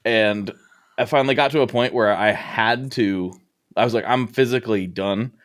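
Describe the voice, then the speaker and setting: Low-voiced middle-aged host, reflective. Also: male voice, moderate pace, fairly bright tone. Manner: reflective, storytelling with quoted thoughts. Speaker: podcast host. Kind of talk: casual interview chat.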